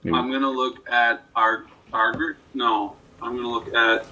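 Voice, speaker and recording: Male player, bright voice, hesitant, lo-fi far-off call sound. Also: mid-range voice, little pitch movement, a little slow. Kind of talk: casual tabletop game play.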